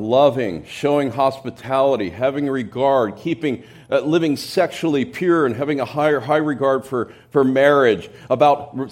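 Male pastor, mid-pitch, verse-by-verse sermon, emphatic swells on key words. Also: darkish tone. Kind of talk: expository sermon.

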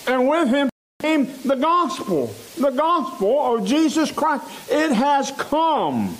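A man preaching a sermon in a church, slow and emphatic, repeating phrases for stress. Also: very high-pitched, sing-song, a little hiss or hum, poor audio.

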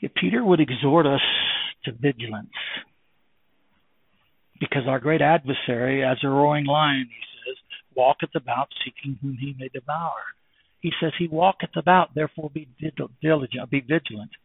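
Gravelly preacher on a tinny line. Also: male voice, mid-range voice, no room sound. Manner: starts slow and hushed, builds to loud fervent preaching. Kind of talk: sermon. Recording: tinny phone-like, dry.

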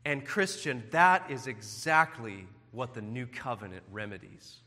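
A man's voice: medium pitch, expressive, measured pace, bright, forceful tone. A man preaching a sermon in an earnest, emphatic way, pleading at times. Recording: long hall reverb.

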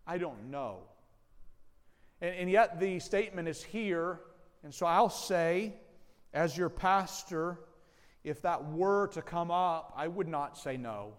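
A man with a high voice delivers a sermon as pastor. He speaks slowly and deliberately, pausing between phrases and pressing on key words. His voice rings out in a hall with a long reverb. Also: animated, clear, resonant tone. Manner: slow, deliberate preaching with pauses and emphatic phrases.

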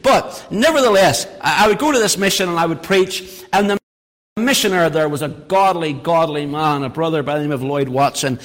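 A man's voice: on the high side, brisk, a bit bright. A middle-aged male pastor preaching a sermon, reading scripture and then explaining it with emphatic, repeated phrases. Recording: long hall reverb.

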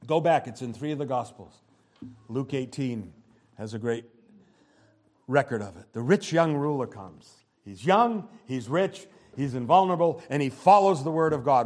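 A man preaching a sermon, swinging between loud, rising exhortation and low, quiet asides.

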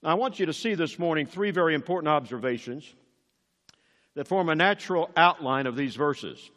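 A man's voice: fairly high pitch, animated, fairly quick, fairly bright tone, in a large hall. An older man preaching a sermon as pastor, emphatic and rising on key words.

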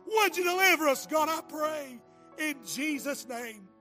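An older man preaching an impassioned revival sermon and prayer, swinging from hushed tones to shouting, his voice breaking with emotion. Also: very high voice, lively intonation, unhurried, soft background music.

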